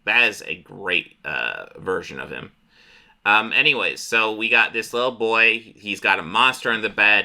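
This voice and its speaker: A man's voice: fairly low pitch, creaky, bright, forceful tone. A man casually recapping comic book stories, rambling and profane, briefly acting out the characters. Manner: rambling, profane, acts out characters in quick voices.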